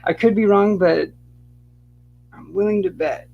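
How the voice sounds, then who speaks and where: Casual male co-host, gravelly, a bit high, rambles and restarts a lot. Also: unhurried, dull audio. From Utah. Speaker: podcast co-host. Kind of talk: casual chat.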